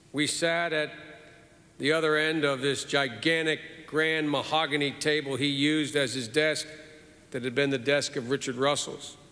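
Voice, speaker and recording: A man in his sixties giving a formal eulogy in a measured, earnest way with repeated phrases, in a large hall at a funeral. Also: on the high side, bright, forceful tone. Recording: reverberant hall.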